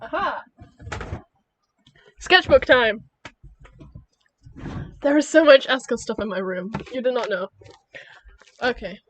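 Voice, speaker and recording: A woman's voice: on the high side, expressive, moderate pace, pauses often, no echo. A young woman chatting casually in her bedroom, rambling and giggling as she talks through her old story ideas. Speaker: creator of the channel.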